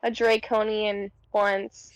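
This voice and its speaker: A woman's voice: medium pitch, level tone, slow pace, clean tone, no room sound, highs cut off. A young woman playing a tabletop game, chatting in a rambling way full of fillers. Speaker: player. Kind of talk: casual tabletop role-play.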